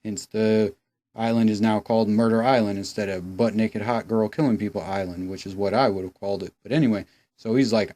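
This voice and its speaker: A man's voice: fairly low pitch, fairly even intonation, a little fast, warm tone. A young man hosting a casual, sarcastic, profane episode recap. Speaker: host.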